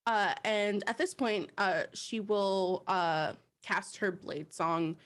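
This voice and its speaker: A woman's voice: mid-range voice, steady tone, slow pace. A woman playing a tabletop game, describing her character casually with lots of fillers. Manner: rambling with many fillers. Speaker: player.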